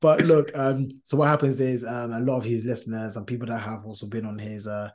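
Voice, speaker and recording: A man's voice: medium pitch, flat delivery, fairly quick, a little mellow. A man hosting a casual podcast chat, earnest and talkative, with many fillers and restarts, laughing easily. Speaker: podcast host.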